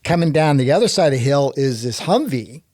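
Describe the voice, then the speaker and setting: A man spins an animated anecdote as a podcast guest, laughing through it and rushing into restarts. His voice sits a bit higher than most men's. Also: no room sound, clean studio sound. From Texas. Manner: lively, laughs often, breaks off and restarts sentences. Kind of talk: animated storytelling.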